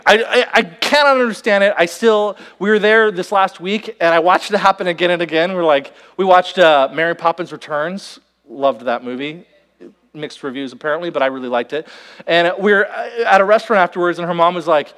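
A young man preaching a sermon, telling stories and acting out conversations with lively, playful delivery. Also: high voice, moderate pace. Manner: animated storytelling, quotes himself and others. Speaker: pastor. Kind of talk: sermon with acted-out illustration.

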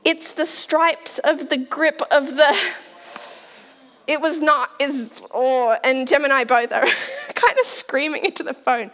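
A middle-aged woman giving a storytelling sermon, animated and laughing, acting out the voices she quotes. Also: high-pitched, unhurried, pauses often. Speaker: speaker at a church talk.

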